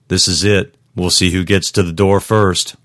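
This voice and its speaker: A lackadaisical security chief with a deep, unhurried voice, voiced by a man reading aloud. He states grim facts flatly, without alarm. The sound is dry and close. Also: no room sound. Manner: flat, matter-of-fact. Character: laid-back middle-aged male security chief, grim and knowing.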